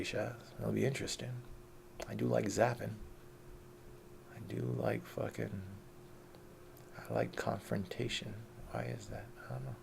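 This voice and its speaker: A man's voice: fairly low pitch, a little mellow, a little hiss or hum. A middle-aged man ranting in an unscripted vlog, profane, combative and mocking. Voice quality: gravelly. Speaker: vlogger. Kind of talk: unscripted rant.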